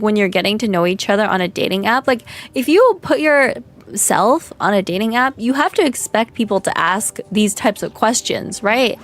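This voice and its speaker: A young woman streamer telling a dating story in casual chat, gossipy and exasperated, peppered with "like". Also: a little high. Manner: chatty, gossipy, lots of "like", laughs and exasperated outbursts. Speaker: vtuber streamer.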